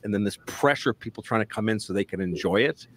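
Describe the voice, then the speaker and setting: A man giving a rambling opinion, musing out loud in a halting way with fillers. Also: on the low side, slightly rough.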